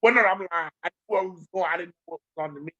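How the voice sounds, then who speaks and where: A speaker on a video call, telling a rambling, animated story in casual chat, with slang and swearing. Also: mid-range voice, racing, highs cut off.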